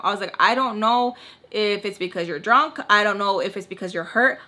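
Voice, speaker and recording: A woman's voice: medium pitch, moderate pace, sharp tone. A young woman vlogger casually retelling a story, acting out the quotes and slipping into Spanish now and then. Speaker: beauty vlogger telling a story.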